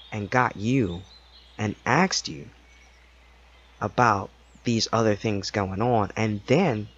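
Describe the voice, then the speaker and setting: A man's voice: fairly low pitch, husky. A man hosting a podcast, telling a personal story in a casual monologue and acting out the voices of the people he quotes. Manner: animated, acts out quoted voices, laughs often. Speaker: podcast host. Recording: slightly dull lo-fi recording.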